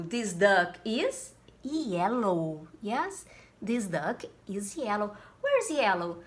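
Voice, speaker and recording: A woman teaching English to small children, slowly repeating simple words and making animal sounds. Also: mid-range voice, very animated. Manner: slow, sing-song, repeats words, makes animal sounds. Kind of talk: slow, simple classroom lesson for small kids.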